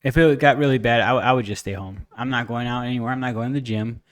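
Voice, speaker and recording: A man chatting casually on a podcast, voice sitting in an ordinary middle range. The sound is dry and close, with no room around it. He tells stories with energy and jumps into higher voices to mimic people. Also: fast talker, no echo. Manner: animated storyteller, mimics others in raised voice. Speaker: podcast co-host. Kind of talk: casual chat.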